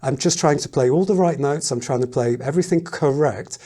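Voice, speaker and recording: A man teaching a piano lesson in a casual, thoughtful way, pausing often and humming rhythms aloud. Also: on the high side. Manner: thoughtful, hesitant, sings and counts rhythms aloud. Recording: loud piano playing behind the voice.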